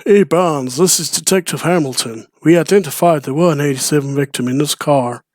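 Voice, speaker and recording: A man reading the lines of a brusque senior male detective from a video game in a brisk, matter-of-fact way. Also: fairly high pitch, no room sound, studio quality, lightly acted.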